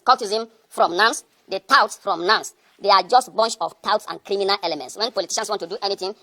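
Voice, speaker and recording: A woman's voice: mid-range voice, fairly bright tone. A Nigerian woman student leader delivering an earnest, pleading public address.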